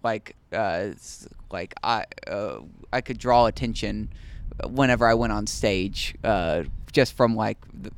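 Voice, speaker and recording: A young American man in his twenties, a comedian telling stories as a podcast guest, halting and full of fillers. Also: lowish voice. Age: 20s. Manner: halting, many uh fillers, laughs easily. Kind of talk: casual podcast chat. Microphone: studio mic.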